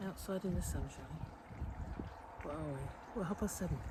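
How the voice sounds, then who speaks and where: A woman's voice: low voice, normal speed. A woman giving a casual, half-whispered vlog tour of her garden and cupboard early in the morning. She chats fondly as she walks, sometimes talking to her cat, with the camera held in her hand. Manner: hushed, half-whispering chatter; chatty and fond, talking to the cat. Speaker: quilting vlogger. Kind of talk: casual vlog walk-around. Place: outdoor garden, then an indoor cupboard. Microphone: handheld phone camera. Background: birdsong and distant traffic.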